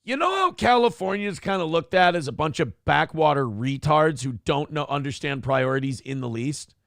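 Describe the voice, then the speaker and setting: A man's voice: fairly high pitch, animated, moderate pace, gravelly, a bit bright, no room sound, studio quality. A man hosting a morning talk show, ranting in a casual, profane, exasperated way.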